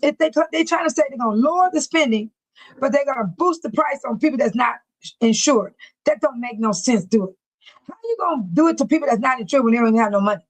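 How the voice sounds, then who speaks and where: A woman's voice: high-pitched, animated, fast, no room sound, rough recording. An older woman hosting a casual livestream, reading out chat comments with frequent laughs. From United States. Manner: chatty, laughs often, calls herself by her channel name. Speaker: livestream host.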